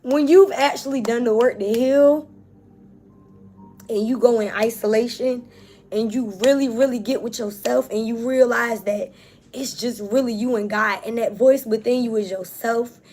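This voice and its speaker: A woman's voice: a little high, steady tone, moderate pace, a little mellow. Emphatic woman tarot reader. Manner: emphatic, casual, talks straight to viewers. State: tearful, on the verge of crying. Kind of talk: spiritual tarot reading to viewers.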